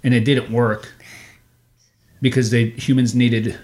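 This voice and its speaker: A man's voice: medium pitch, little pitch movement, slow, darkish tone. A man in his thirties hosting a casual family podcast from a home sunroom, playful and teasing with his kids. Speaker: podcast host and father.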